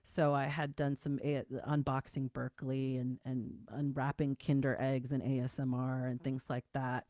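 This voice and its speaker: Low-voiced chatty woman guest. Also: little pitch movement, moderate pace, few pauses, mellow, no room sound, clean studio sound. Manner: chatty, rambling with many fillers. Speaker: guest game developer. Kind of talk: livestream interview conversation.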